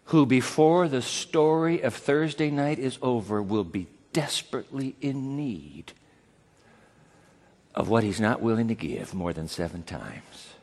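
A man preaching a sermon as pastor, dramatic, acting out quoted voices and swinging between loud and soft. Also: medium pitch, in a large hall.

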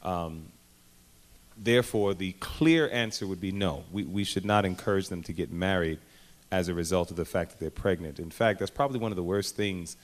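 A man answering a question on a youth panel in a measured, deliberate way, reciting a scripture passage in old formal wording. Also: low voice.

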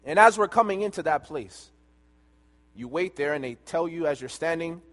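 Man, preacher, slightly high voice, animated storytelling, long hall echo. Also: normal speed. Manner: animated storyteller, swings between loud and hushed. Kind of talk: sermon storytelling.

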